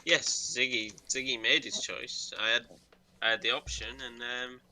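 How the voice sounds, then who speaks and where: A man playing a tabletop role-playing game, talking things through in a relaxed way with fillers. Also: medium pitch, normal speed, poor audio. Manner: relaxed, thinks aloud with fillers. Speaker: player. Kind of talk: casual tabletop game play.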